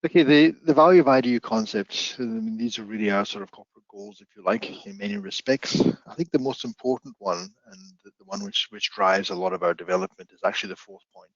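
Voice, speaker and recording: A man with a South African accent presenting a business webinar, explaining things deliberately and slowly. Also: mid-range voice, sing-song, gravelly, no room sound. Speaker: company founder presenting a webinar. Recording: dull lo-fi webinar audio.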